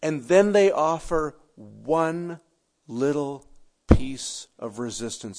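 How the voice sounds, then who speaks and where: Male pastor, sermon delivery, slightly higher voice, dynamic swings between emphatic and hushed. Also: takes it slowly. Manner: expressive preaching with sudden drops to quiet, conversational asides.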